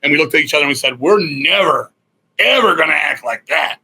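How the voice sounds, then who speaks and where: A husky, hard-edged man in middle age, telling a story as a podcast guest. His voice sits a little high, and he swears freely as he acts out other people's lines. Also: animated, a little fast, bright, forceful tone, low-quality recording. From Virginia, USA. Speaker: guest musician. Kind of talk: casual storytelling interview.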